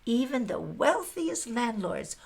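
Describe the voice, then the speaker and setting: A woman storyteller playing a plainspoken Chinese American pioneer woman with a Chinese accent, breathy and quick to laugh, chatting straight to her audience. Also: fairly high pitch, big pitch swings, full character voice. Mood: gentle. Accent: Chinese-accented English. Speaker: storyteller in character. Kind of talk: first-person historical character monologue.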